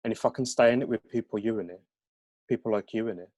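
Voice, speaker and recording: A man's voice: lowish voice, fast talker, dark tone, dry recording, lightly acted. A man reading aloud from his novel, voicing an earnest nineteen-year-old lad with a Brummie accent.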